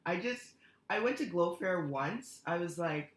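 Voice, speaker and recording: A woman teases and quizzes her co-hosts in a casual podcast chat. Her voice sits a little low, and an echoey room surrounds it. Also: animated, a little slow. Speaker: podcast co-host.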